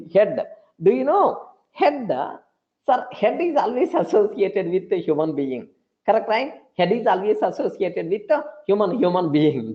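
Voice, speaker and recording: A man teaching a beginner programming lecture who keeps repeating words and calls his listeners "sir". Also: a little high. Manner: repetitive, addresses listeners as sir. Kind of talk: live coding lecture. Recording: dull lo-fi audio.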